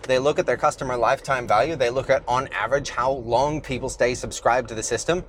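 Man, podcast host, casual solo talk, slightly out of breath, lots of ums and restarts, middle pitch. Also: fairly quick, slight background noise. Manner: loose and conversational, many fillers and restarts. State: slightly out of breath after the gym.

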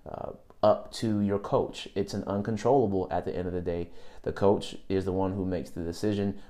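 A man's voice: sits low, dark tone. A man hosting a podcast, giving basketball tryout tips in a direct coaching manner and repeating key words. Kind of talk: casual advice monologue.

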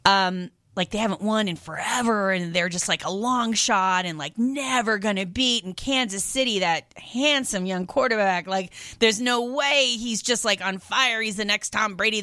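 A woman's voice: medium pitch, bright, forceful tone, no echo. A woman hosting a radio shopping show, chatting casually and rambling between calls with lots of fillers, from a studio microphone.

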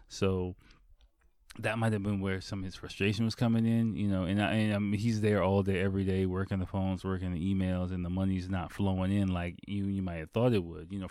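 Low-voiced man rambling through a story. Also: a little mellow, no room sound, clean studio sound. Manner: rambling and profane, lots of fillers and restarts. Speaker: podcast host. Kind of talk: casual storytelling.

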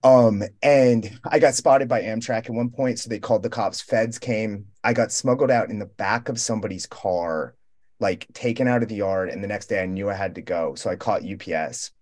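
A young man in a relaxed roundtable chat, spinning a long story in a loose, profane, rambling way. He keeps slipping into the voices of the people he met and quoting them. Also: lowish voice, normal speed. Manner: rambling, profane, animated storytelling with quoted dialogue. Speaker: roundtable guest. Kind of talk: casual storytelling.

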